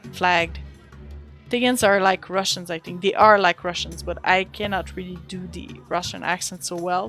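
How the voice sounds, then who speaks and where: Her voice is fairly low yet a bit bright as she streams a role-playing game. Chatting in a relaxed way, she thanks her viewers while she plays.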